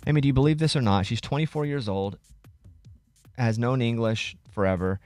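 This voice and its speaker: A man's voice: medium pitch, fairly quick, over loud music. A man hosting a radio morning show, leading casual studio banter and arguing his point. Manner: argumentative, leads the discussion.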